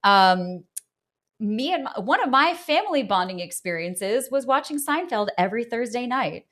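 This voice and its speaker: A woman's voice: on the high side, moderate pace. Chatty woman podcast host. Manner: animated, rising into laughter, chatty with fillers. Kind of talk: casual interview chat.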